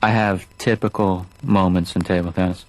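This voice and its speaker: A man voicing a blunt, sarcastic video store clerk in a cartoon, flat with mock surprise. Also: low voice, moderate pace, slight background noise, low-quality recording. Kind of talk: improvised cartoon dialogue.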